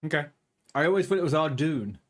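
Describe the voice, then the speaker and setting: A man's voice: a little high, lively intonation, quick pace. A man chatting casually while streaming a game, reading chat and puzzling over pronunciations in a playful way.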